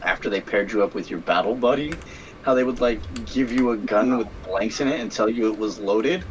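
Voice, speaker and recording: A man's voice: on the low side, brisk, muffled recording, a little hiss or hum. A man chatting casually on a stream, explaining things in a loose, profane way. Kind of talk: casual chat.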